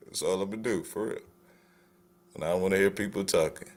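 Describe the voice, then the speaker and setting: A man's voice: deep voice, a little fast, pauses often, darkish tone. A man hosting a live stream at home, giving casual reaction commentary with rambling, apologetic asides and laughter.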